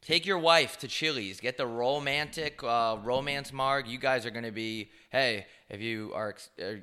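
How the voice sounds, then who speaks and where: A young man co-hosting a podcast, telling crude jokes and animated stories in casual chat. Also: mid-range voice, moderate pace, clean tone. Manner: crude, joking, animated storytelling. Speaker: podcast co-host.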